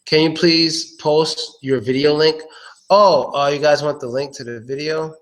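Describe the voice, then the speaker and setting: Relaxed man teaching pronunciation live. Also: a little high. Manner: relaxed, thinking aloud, repeats words slowly. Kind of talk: live-stream English pronunciation lesson.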